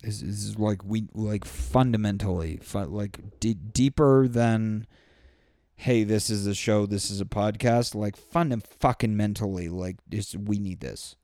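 Gravelly-voiced man ranting on his podcast. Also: fairly low pitch, unhurried, mellow, dry recording, clean studio sound. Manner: rambling, profane, heartfelt rant with many fillers. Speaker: podcast host. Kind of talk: candid solo podcast monologue.

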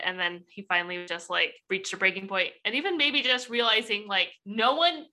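A woman's voice: medium pitch, brisk, few pauses, pushed and bright, poor audio. A woman talking casually as a podcast co-host, rambling with lots of "like" fillers. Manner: rambling, heavy use of "like". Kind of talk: casual chat.

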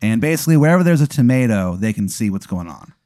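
A man's voice: medium pitch, animated, fast talker, mellow, dry recording, studio quality. A man improvising as game master, rambling through the story with fillers and laughs. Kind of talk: improvised tabletop narration.

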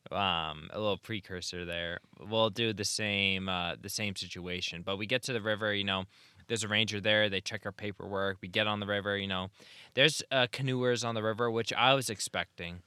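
A man's voice: fairly low pitch, fairly even intonation, normal speed, sharp tone, smooth, no room sound. A man co-hosting a podcast, recounting a trip in a laid-back, casual storytelling way. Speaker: podcast co-host. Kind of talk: casual chat.

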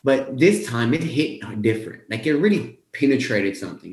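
Young male motivational coach, casual storyteller who acts out his own past lines, mid-pitched, recorded in a roomy space. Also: expressive, brisk. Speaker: weight-loss coach. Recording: roomy echo.

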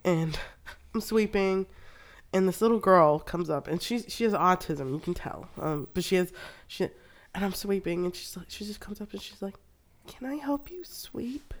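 A woman's voice: on the low side, normal speed. A woman co-hosting a podcast, telling casual stories with frequent laughs and swearing. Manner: storytelling, swears freely, laughs often. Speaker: podcast co-host. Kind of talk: casual chat.

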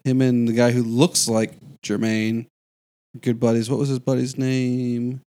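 A man's voice: medium pitch, flat delivery, a little slow, dark tone. A man hosting a casual chat, easygoing and asking his guest questions.

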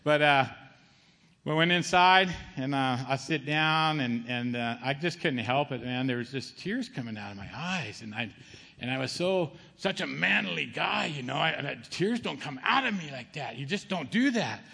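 High-voiced middle-aged man giving testimony. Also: lively intonation, moderate pace, creaky, bright, forceful tone, in a large hall. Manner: conversational, keeps asking the crowd "okay?" and saying "man". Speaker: testimony speaker. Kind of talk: spoken church testimony.

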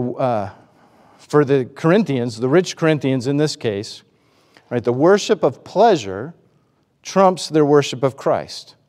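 A man's voice: mid-range voice, a little mellow, long reverb tail. A man preaching a sermon, asking the congregation rhetorical questions and acting out the voices he quotes. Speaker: pastor.

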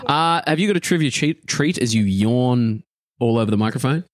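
A man's voice: medium pitch, normal speed. A man chatting casually as game master, often laughing while telling stories. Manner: laughing, animated storytelling. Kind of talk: casual table chat.

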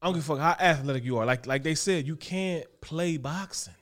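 A fairly high-voiced man talking over a fight in loose casual chat. He speaks emphatically and swears freely, acting out scenes with lively voices. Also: brisk. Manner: emphatic, profane, animated storytelling.

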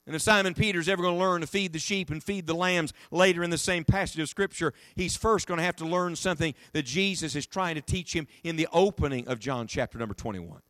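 Middle-aged male preacher, emphatic and animated; slightly high pitch, dry close recording with faint hum. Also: fast talker, hardly any pauses, dry recording. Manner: animated, emphatic preaching with rising and falling delivery. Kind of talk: sermon.

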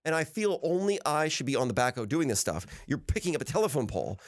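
A man hosting a podcast, telling personal stories in a casual, animated and upbeat way, often laughing as he talks. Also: a little high, fast talker. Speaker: podcast host. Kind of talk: casual storytelling chat.

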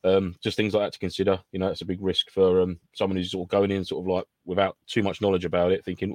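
A man's voice: low-pitched, little pitch movement, fast, hardly any pauses, no room sound. A man co-hosting a podcast over a video call, teasing, laughing often and rambling through advice. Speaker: podcast co-host. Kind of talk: casual chat.

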